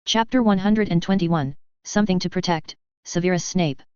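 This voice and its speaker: Clear, low-voiced woman narrating. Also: moderate pace, a little mellow, no echo, lo-fi sound. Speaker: audiobook narrator. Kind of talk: scripted narration.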